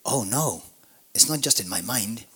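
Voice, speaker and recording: A man with a Maltese accent, preaching a lively, joking sermon as pastor at a church service, calling on the congregation to answer back. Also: mid-range voice, a little slow, breathy edge. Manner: animated, jokey, call-and-response preaching.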